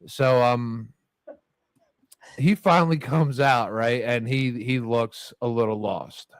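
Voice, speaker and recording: Speaking slowly with a clear, resonant, medium-pitched voice on a dry recording, a man shares a rambling story full of swearing. He laughs his way through it while chatting with friends at a bar or podcast table.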